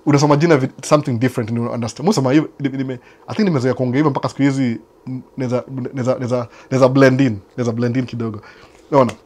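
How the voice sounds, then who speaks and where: A Kenyan man with a Kenyan accent talks quickly in a relaxed host chat with viewers, sliding back and forth between Swahili and English. He repeats his phrases for emphasis and acts out other people's voices. His voice sits at an ordinary pitch for a man. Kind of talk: casual live chat answering viewers. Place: United States.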